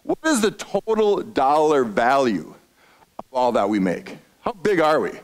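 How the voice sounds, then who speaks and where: A man's voice: medium pitch, sing-song, a little slow. A man giving an economics lecture, quizzing his audience with questions and answering them himself. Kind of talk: lively lecture to a retiree audience.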